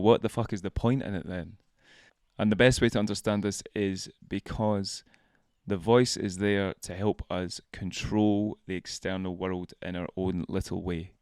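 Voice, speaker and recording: A man's voice: lowish voice, a little mellow, no echo, clean studio sound. A young Scottish man giving a casual self-help monologue, often laughing and swearing casually. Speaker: vlog host.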